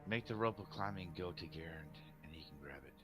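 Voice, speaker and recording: A man's voice: low voice, fairly quick, over music. A man playing in a tabletop game, offering suggestions to the group. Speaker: player. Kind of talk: casual table talk.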